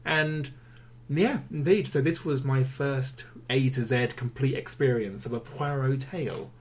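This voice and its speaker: A man's voice: medium pitch, measured pace. A man co-hosting a film review podcast, chatting casually with a wry, teasing manner.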